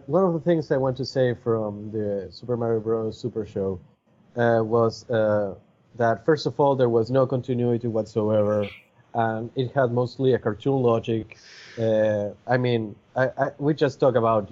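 A man's voice: medium pitch, normal speed, warm tone. A man co-hosting a podcast in casual chat, explaining things in a talkative way. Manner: explanatory, chatty. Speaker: podcast co-host. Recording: dull lo-fi podcast audio.

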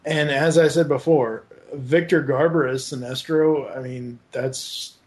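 A man hosting a casual podcast chat, rambling with halting restarts and drifting onto tangents. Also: medium pitch, steady tone. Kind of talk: casual podcast chat about an animated movie.

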